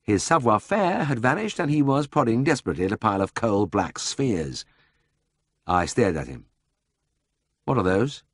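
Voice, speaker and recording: An audiobook narrator reads a first-person memoir in a measured, storytelling way. His fairly low, husky voice carries an animated melody, and the recording is dry and close with no room sound.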